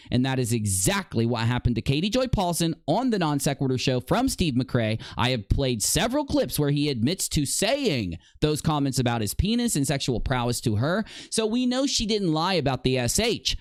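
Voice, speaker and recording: A man's voice: fairly high pitch, big pitch swings, moderate pace, few pauses, dry recording. Guy ranting on his channel, voice bounces up n down, dry close sound, keeps calling the other dude out. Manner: mocking, confrontational, addresses opponent directly. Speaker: commentary host. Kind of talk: combative online commentary.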